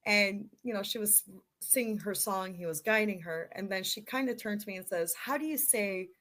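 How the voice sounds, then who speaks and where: Her voice is medium-pitched, a bit bright, and at normal speed. This middle-aged model from Canada, guesting on a podcast, chats casually, pokes fun at herself while telling stories, and is quick to laugh.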